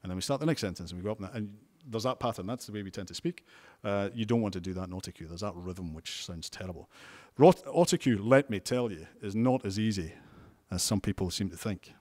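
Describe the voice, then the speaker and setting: A Scottish man with a somewhat low voice talks through interview answers in a loose, chatty way. He restarts his sentences often and drops in wry asides, in the manner of a seasoned news presenter. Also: lively intonation, fairly quick, hardly any pauses, darkish tone. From Scotland. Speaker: television news presenter and reporter.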